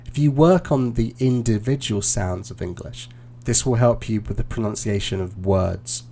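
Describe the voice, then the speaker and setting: A male English teacher giving relaxed, encouraging feedback on a mock speaking test over a live stream, with frequent fillers and restarts. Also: on the low side, normal speed. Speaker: IELTS teacher and examiner.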